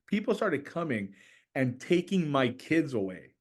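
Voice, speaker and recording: A middle-aged man, a church planter and podcast guest, telling stories in conversation and acting out quoted voices with a rising pitch. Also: unhurried, husky. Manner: animated, acts out quoted voices with raised pitch. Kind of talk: storytelling in conversation.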